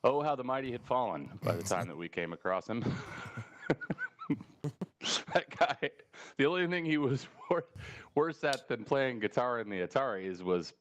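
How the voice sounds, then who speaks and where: A man's voice: medium pitch, moderate pace. A man telling a story in casual podcast chat. He laughs often and acts out the people he quotes. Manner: animated, mimics people he quotes.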